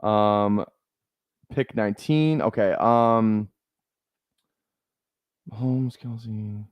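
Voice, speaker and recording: A man's voice: on the low side, extremely slow, no room sound, lo-fi sound. A young man from Minnesota chatting casually on a live stream, rambling and joking with many restarts. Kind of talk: casual live-stream chat while drafting.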